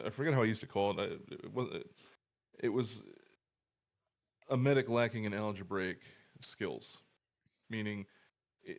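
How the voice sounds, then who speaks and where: Blunt, swearing man on a podcast. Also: fairly low pitch. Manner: blunt and profane, stammers into his points. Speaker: paramedic podcast co-host. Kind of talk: casual live podcast chat.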